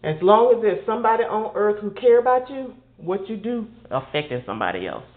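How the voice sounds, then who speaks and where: A woman's voice: mid-range voice, very animated, fairly quick. An older woman, preaching an informal sermon in an impassioned, conversational way, sometimes mimicking people in mocking asides. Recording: phone-quality audio in an echoey room.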